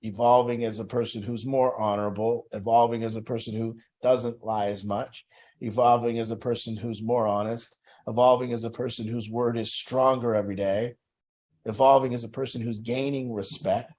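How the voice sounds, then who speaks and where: A middle-aged man speaks to a group in a blunt, profane way and mixes life lessons with a personal story. His voice sits at an ordinary pitch for a man. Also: steady tone, moderate pace, darkish tone. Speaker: recovery group leader.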